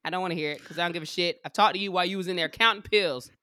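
A woman's voice: fairly low pitch, racing, pushed and bright, no echo, studio quality. A woman co-hosting a casual chat with friends, blunt and profane, teasing with affection.

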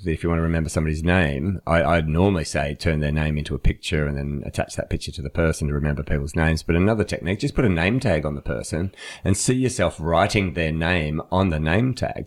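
A man co-hosting a casual podcast chat, explaining with stories and laughing often. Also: a bass voice. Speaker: podcast co-host, listening trainer.

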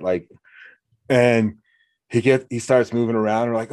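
At a normal speed and medium pitch, a male host talks casually in a studio-quality recording with no room sound, telling animated stories and performing the quotes himself.

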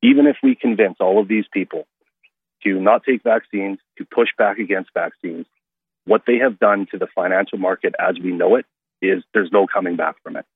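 A male radio caller talking in an earnest, halting way with many restarts, heard over a phone line. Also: low voice, sing-song, vocal fry, slightly rough, no echo. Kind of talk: call-in radio talk.

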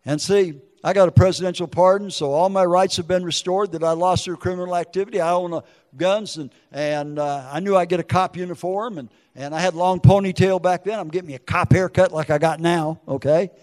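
A man's voice: high-pitched, steady tone, a little fast, hardly any pauses, darkish tone, in a large hall. Older man giving an emotional testimony. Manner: emotional storytelling with acted quotes. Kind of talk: testimony sermon.

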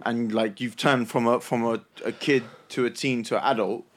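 A man's voice: medium pitch, steady tone, normal speed. A young man, co-hosting a podcast and building his arguments with hesitant restarts. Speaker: podcast co-host. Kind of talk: casual debate chat.

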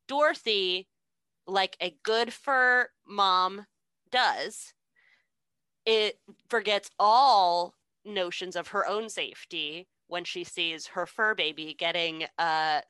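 A woman's voice: takes it slowly, clear, resonant tone, dry recording. A woman co-hosting a casual chat, retelling a story with lots of swearing and acting out the characters' voices. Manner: animated, profane, acts out characters with big pitch jumps. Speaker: podcast co-host.

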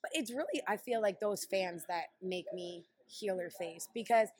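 A woman who wrestles professionally, telling stories in a brash, animated way during a casual interview. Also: medium pitch, moderate pace. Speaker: pro wrestler.

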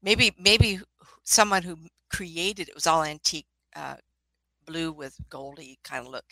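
A woman's voice: deep voice, expressive, a little slow, creaky, sharp tone, no echo, low-quality recording. An older woman, a spiritualist minister and ghost investigator, telling rambling anecdotes in a casual chat, often laughing and restarting her sentences.

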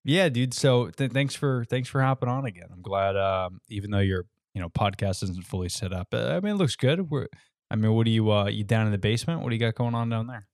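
A man's voice: on the low side, brisk, darkish tone, no room sound, clean studio sound. A man hosting his podcast in casual chat, laid-back, with lots of fillers and swearing. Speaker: podcast host.

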